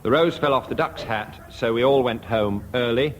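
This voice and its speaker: Guy hosting a radio panel show, dry and brisk, mid pitch, hissy old recording. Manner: dry, brisk, announcing scores and rules. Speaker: panel game chairman.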